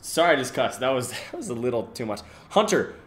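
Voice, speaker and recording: A young man live-streaming, casually reading out donations and thanking viewers, swearing freely and yelling when a game goes wrong. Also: medium pitch, fast. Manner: excitable, swears freely, yells during gameplay. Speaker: livestreamer.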